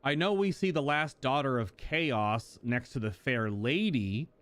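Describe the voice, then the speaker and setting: A man hosting a casual gameplay commentary, thinking out loud and bursting into exclamations. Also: medium pitch, animated, a little slow. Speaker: gaming host.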